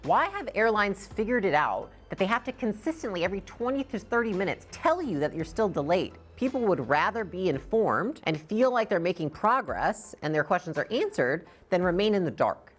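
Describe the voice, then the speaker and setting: A woman's voice: on the low side, very animated, fast. A woman in her thirties giving blunt, emphatic business advice, swearing freely as she talks. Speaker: business educator. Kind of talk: direct business talk to camera.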